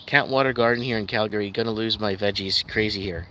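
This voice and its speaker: A man's voice: fairly low pitch, quick pace, few pauses. Rambling man ranting on a livestream. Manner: ranting, skeptical, loose and rambling with frequent restarts. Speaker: livestream host. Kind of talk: rambling live stream chat, reading viewer comments. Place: at home in Calgary. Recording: steady background noise with passing vehicles.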